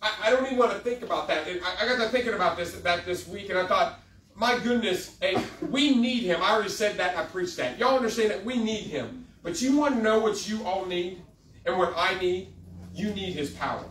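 A man's voice: high-pitched, moderate pace, a bit bright. A man preaching a sermon as a youth pastor, emphatic, with many restarts and rising climaxes. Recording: echoey room heard from a distance.

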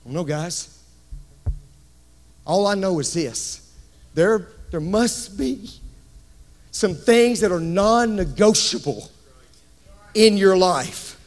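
A man, preaching as a pastor, swinging from hushed tones to shouting. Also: high voice, expressive, slow, pauses often. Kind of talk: sermon. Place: church sanctuary. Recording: reverberant church hall.

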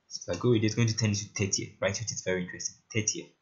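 Over a lo-fi, muffled mic, a man talks casually through a screen-recorded coding tutorial in a lowish, steady, slightly mellow voice, speaking rapid-fire. He keeps asking "right?" and saying "very interesting" while keyboard typing and clicks sound in the background.

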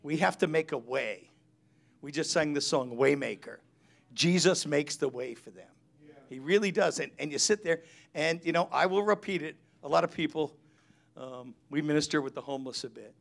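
Middle-aged man, preaching; gravelly and slightly high, storytelling style. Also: moderate pace. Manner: chatty storytelling, acts out quotes. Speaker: pastor. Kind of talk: sermon.

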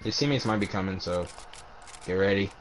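A man's voice: sits low, slight background noise. A man playing a video game with friends, chatting casually, cursing and bickering with his teammates. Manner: bickering, cursing, quick to snap. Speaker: gamer friend. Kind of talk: casual gaming chat.

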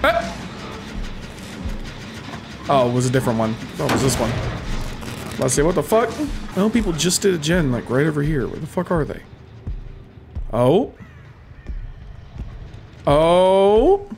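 A man's voice: on the high side, sing-song, unhurried, vocal fry, long pauses, music in the background. A man giving live gameplay commentary, taunting and trash-talking his opponents with plenty of swearing. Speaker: gaming streamer.

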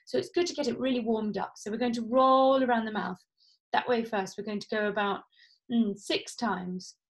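A woman, a vocal coach leading a guided vocal warm-up at home, playful and encouraging. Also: fairly high pitch, fairly even intonation, normal speed. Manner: encouraging, playful instruction with demonstrated sounds. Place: home, indoors.

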